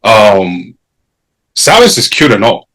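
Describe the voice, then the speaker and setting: A man's voice: fairly low pitch, very animated, takes it slowly, a bit bright, rough recording. A man from Africa hosting a casual podcast chat, blunt and joking, with slang and swearing. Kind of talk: casual group discussion.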